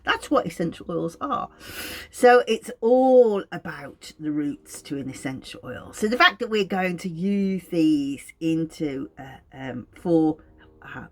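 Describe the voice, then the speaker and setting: A middle-aged woman with a Wolverhampton accent, an aromatherapist explaining her practice to camera in a gentle, unhurried, thoughtful way. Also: medium pitch. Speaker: clinical aromatherapist.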